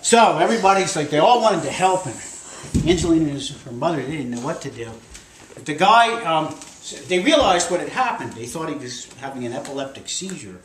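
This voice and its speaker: A man's voice: on the high side, fairly quick. Older man telling a rambling story. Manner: rambling, animated, acts out voices with shouts. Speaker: grandfather telling a story to children. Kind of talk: casual storytelling. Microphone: camcorder across the room. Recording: echoey room, distant camera, loud noise.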